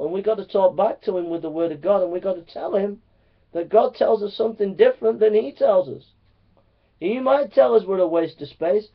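A man's voice: high-pitched, creaky. Earnest man preaching, lo-fi recording. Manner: earnest, repetitive, swinging from loud to hushed. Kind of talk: sermon to preachers. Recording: dull lo-fi recording.

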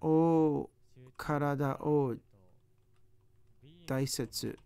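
A man's voice: a little high, fairly even intonation, drawn-out words, gravelly, dark tone, clean tone. A man working aloud through practice sentences, sounding out words and joking to himself as he studies. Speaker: language learner. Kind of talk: self-talk while studying.

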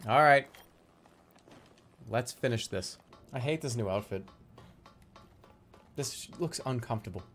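Stuffy-nosed male streamer joking over gameplay. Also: mid-range voice. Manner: joking, rambling, swears freely, drills tongue twisters. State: stuffy nose and scratchy throat from a coming cold. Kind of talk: let's-play commentary.

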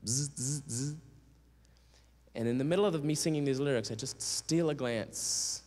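A man with a fairly high voice tells a story from the pulpit, lively and animated as he acts out each person's lines. His voice rings with the long reverb of a church sanctuary. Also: fairly quick. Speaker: guest speaker and singer. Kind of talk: storytelling sermon.

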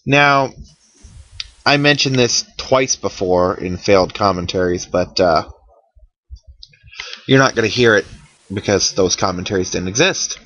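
A man's voice: lowish voice, measured pace, pauses often, a bit bright, no room sound, lo-fi sound. A man giving casual, wry commentary over a game he is playing, sounding worn out. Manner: chatty, wry, tired and yawning. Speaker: let's play commentator.

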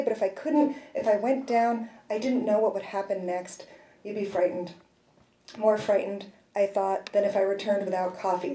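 A woman's voice: a little high, warm tone, echoey room, low-quality recording. A woman author reading aloud from her novel at a university event, in a wry first-person voice with brief asides.

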